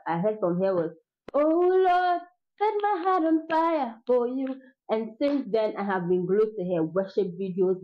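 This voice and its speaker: A young woman chats casually to her viewers. She laughs often and now and then sings a line or two. Her voice sits at a middling pitch, and the recording sounds dull and lo-fi. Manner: chatty, laughs often, sings snatches of songs. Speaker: vlogger. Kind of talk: casual chat.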